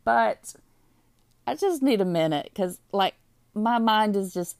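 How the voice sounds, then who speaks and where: A young woman, rambling in a casual confessional chat while high, laughing often and swearing freely. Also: lively intonation, slow pace, creaky, a little mellow, clear, resonant tone, no echo, studio quality. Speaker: vlogger.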